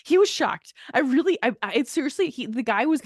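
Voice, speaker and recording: A woman's voice: high-pitched, expressive, brisk, dry recording, studio quality. A woman co-hosting a podcast, telling a story in casual chat with lots of laughter, acted-out quotes and swearing. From American Midwest. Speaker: podcast co-host.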